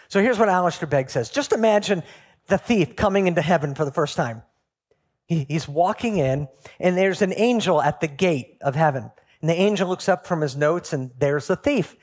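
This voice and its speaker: Pastor guy telling stories from the pulpit, builds up to loud emphatic bits then drops back. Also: fairly high pitch, expressive, normal speed. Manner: storytelling, building to emphatic peaks. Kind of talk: sermon.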